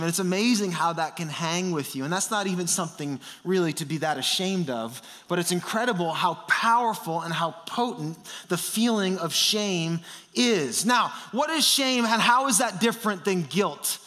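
A man's voice: sits high, bright, forceful tone. A man in his thirties preaching an earnest sermon, building emphasis through repeated phrases. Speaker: pastor.

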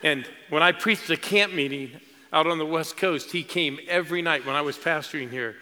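A man's voice: fairly high pitch, moderate pace, pushed and bright. A middle-aged male pastor preaching a sermon, telling stories emotionally and building to exclamations. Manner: emotional, storytelling with rising exclamations. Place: large church auditorium. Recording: reverberant hall with crowd behind.

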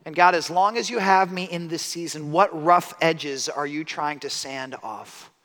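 A middle-aged man preaches a storytelling sermon in a large hall with a long reverb. His voice is bright and slightly high for a man. He drops to hushed asides and builds to loud, emphatic peaks. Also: a little slow. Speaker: pastor.

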